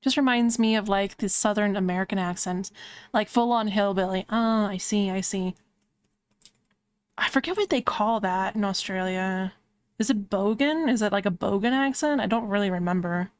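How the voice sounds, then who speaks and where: A woman's voice: medium pitch, moderate pace, clean tone, dry recording. A woman streamer chatting casually while she draws, rambling with lots of "like" fillers. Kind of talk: casual chat while drawing on a live stream.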